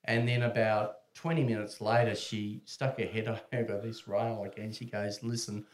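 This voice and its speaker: A man's voice: fairly low pitch, normal speed. A man telling a casual anecdote, acting out voices and chuckling mid-sentence. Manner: animated, acts out voices, laughs mid-sentence. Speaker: storyteller.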